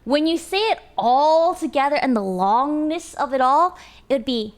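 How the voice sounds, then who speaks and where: High, lively young woman streamer. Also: moderate pace. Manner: animated and giggly, talking to chat. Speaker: live streamer. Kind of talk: casual stream chat.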